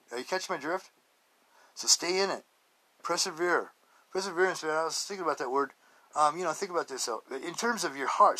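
Guy with a bright punchy voice rambling on his podcast, folksy and jokey, laughs a lot. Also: fairly high pitch. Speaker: podcast host. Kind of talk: casual rambling monologue.

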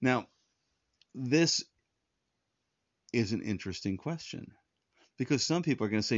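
A man's voice: medium pitch, animated, measured pace, long pauses, dry recording, muffled recording. A man preaching a sermon, teaching in an earnest, conversational way and often restarting his sentences. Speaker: pastor.

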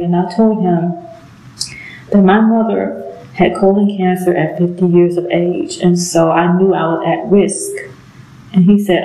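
A middle-aged woman giving an earnest, emotional personal testimony, halting now and then with pauses. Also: lowish voice, steady tone, dark tone. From southern United States. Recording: echoey room.

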